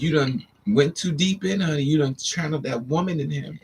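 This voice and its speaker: Talking fairly quickly with few pauses, this livestream host delivers a frank, sassy monologue full of "honey" and "child." She animatedly slips into exaggerated high-pitched voices to impersonate others, over a slight hiss or hum.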